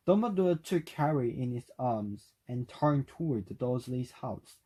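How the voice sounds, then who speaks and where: A man whose first language is Korean reading a novel aloud for speaking practice, at a careful, steady pace. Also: medium pitch, a little slow, hardly any pauses, breathy edge, rough recording. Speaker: reader.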